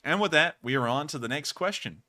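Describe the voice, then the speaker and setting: A man's voice: fairly high pitch, lively intonation, brisk, bright, forceful tone. A young man of about twenty hosting a live stream, earnestly and effusively thanking viewers for donations. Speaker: livestream host.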